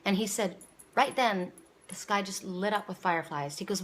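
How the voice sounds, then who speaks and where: A woman's voice: mid-range voice, normal speed. Rambling woman psychic, emotional talk. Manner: rambling, repeats words, gets tearful. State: emotional, near tears. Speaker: psychic reader. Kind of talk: casual spoken oracle reading. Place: home, seated.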